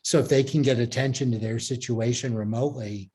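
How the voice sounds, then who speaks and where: Male co-host, average pitch, quick to chime in on a call. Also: fairly even intonation, a little mellow, breathy edge. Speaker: co-presenter.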